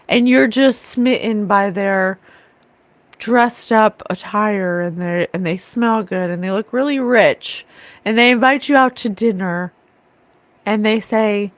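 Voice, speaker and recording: A woman hosting a psychic talk show, ranting with scorn in a loose, animated way and often mocking others in sing-song voices. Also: on the high side, slow pace, no echo. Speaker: psychic livestream host. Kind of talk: casual spiritual rant.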